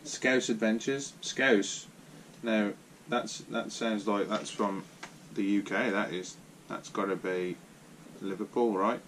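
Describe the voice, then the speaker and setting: A man chatting gently with his young daughter, encouraging her and prompting her with questions. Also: fairly low pitch, steady tone, slow, a little hiss or hum. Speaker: father.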